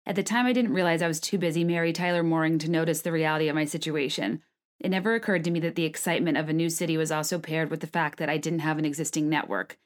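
Fast-talking woman in her late twenties. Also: deep voice. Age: late 20s. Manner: fast-talking, many filler "like"s. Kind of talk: casual monologue and reading her own blog post aloud.

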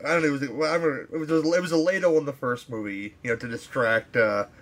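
A man's voice: medium pitch, fast talker, fairly bright tone. A man co-hosting a casual podcast, rambling and hesitant as he reviews a movie, with crude asides. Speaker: podcast co-host.

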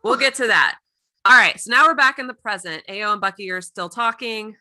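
Very bright woman, dry close sound. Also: mid-range voice, dry recording. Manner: gushing, quick recap with laughs. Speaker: podcast co-host. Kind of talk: casual podcast recap.

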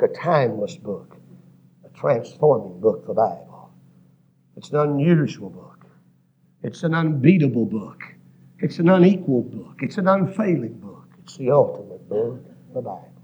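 A man preaching a revival sermon, rhythmically listing words and rising to shouts, recorded in a church. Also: medium pitch, breathy edge.

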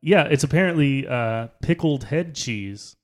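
A man co-hosting a casual podcast, telling stories with deadpan jokes. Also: medium pitch, unhurried. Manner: joking, deadpan storytelling.

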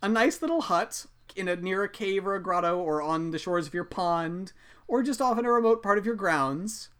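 A man's voice: high-pitched, normal speed, fairly bright tone, clean tone. A man hosting a podcast, dryly explaining a history story in a casual, amused way. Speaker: podcast host.

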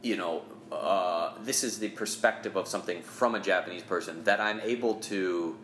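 A man's voice: low voice, moderate pace, a bit bright, echoey room, a little hiss or hum. A man in his thirties, a comedian from Ohio, talking bluntly and jokingly as a podcast guest. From Ohio, USA. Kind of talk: casual podcast conversation.

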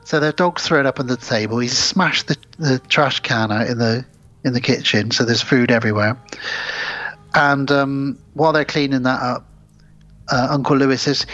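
Mid-range in pitch and at a normal speed, this podcast co-host's slightly bright voice retells movie scenes in detail, frequently quoting characters in a casual recap chat. Faint music plays beneath somewhat dull podcast audio.

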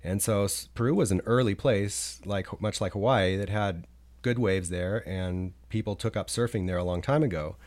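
A man's voice: fairly low pitch, normal speed, darkish tone. A man on a podcast as a guest, recalling his travels in a rambling, casual way with many fillers and restarts. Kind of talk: casual chat.

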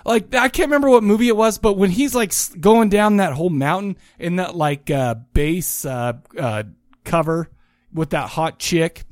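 A man's voice: sits high, moderate pace, no echo, clean studio sound. A man co-hosting a casual podcast, rambling and joking as he chats about films. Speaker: podcast co-host. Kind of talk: casual movie and music chat.

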